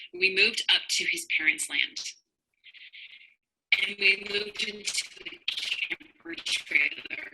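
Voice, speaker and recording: A woman's voice: mid-range voice, bright, forceful tone, breathy edge, poor audio. A woman in her thirties, a marriage coach, speaking straight to viewers in an earnest, personal livestream talk. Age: 30s. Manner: earnest personal storytelling, addresses viewers directly.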